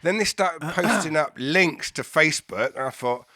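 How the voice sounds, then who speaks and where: A man spins a story in a lively, up-and-down voice, bright and forward. He swears freely and laughs often. The sound is dry and close. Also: fairly high pitch, moderate pace, dry recording. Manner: swears a lot, laughs often, acts out both sides of chats. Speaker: podcast guest. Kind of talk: casual storytelling chat.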